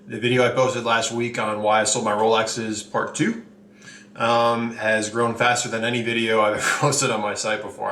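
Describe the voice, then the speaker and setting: A man's voice: lowish voice, level tone, moderate pace, a bit bright, a little hiss or hum. Blunt, slightly breathless man vlogging. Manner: candid, blunt, rambling with fillers. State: a little out of breath. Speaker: channel host reviewing watches. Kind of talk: casual vlog talk to camera. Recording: echoey room, faint ambience.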